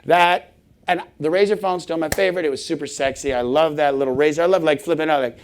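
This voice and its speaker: A middle-aged man giving a humorous conference talk, animated and laughing often as he acts out little scenes. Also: fairly high pitch, normal speed. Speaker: conference speaker. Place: conference hall stage.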